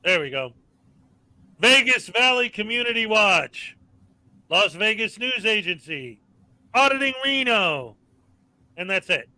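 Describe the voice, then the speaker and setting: A man's voice: sits high, very animated, unhurried, pauses often, sharp tone, no room sound, low-quality recording. A man co-hosting a casual live-stream chat, ranting and reeling off long lists of names.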